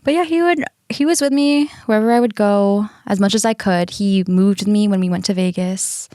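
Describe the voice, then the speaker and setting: Young woman host, casual storytelling, frank and profane, quick laughs, dry close mic. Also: medium pitch, steady tone, mellow, dry recording. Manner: candid, swears casually, laughs often. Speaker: podcast host.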